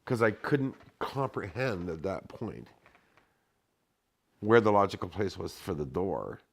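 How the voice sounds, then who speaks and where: A middle-aged man with a somewhat low voice tells a story casually. He swears freely and acts out the dialogue in a raised, animated voice. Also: a little slow, gravelly, husky.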